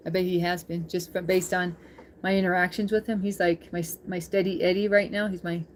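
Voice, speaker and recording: A woman's voice: lowish voice, level tone, fairly quick, a little hiss or hum. Chatty woman live-streaming. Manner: chatty, laughs often, reads chat aloud. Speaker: livestreamer chatting with viewers. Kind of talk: casual live-stream chat.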